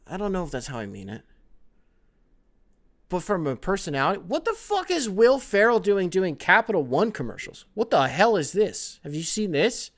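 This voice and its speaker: A young man hosting a casual sports podcast, rambling between topics with lots of swearing. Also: fairly high pitch. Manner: rambling, animated, profane, jumping between topics. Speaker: podcast host.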